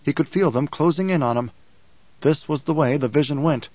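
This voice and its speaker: A man narrating an audiobook in a measured, deliberate way. His voice sits a little high for a man. The sound is dry and close, with a slightly dull, muffled tone. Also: a little mellow, no echo.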